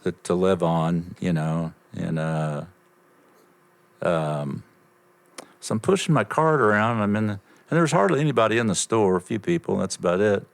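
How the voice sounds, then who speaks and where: An older man telling a lively story as a podcast guest, swearing freely and acting out bits of conversation. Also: deep voice, normal speed, vocal fry. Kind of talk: casual storytelling.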